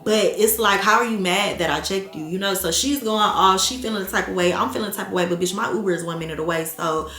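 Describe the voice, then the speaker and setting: A young woman from Atlanta telling a story to camera, animated and blunt, swearing freely and talking to viewers as y'all. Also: mid-range voice, quick pace, hardly any pauses. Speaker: vlogger. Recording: echoey room with faint music.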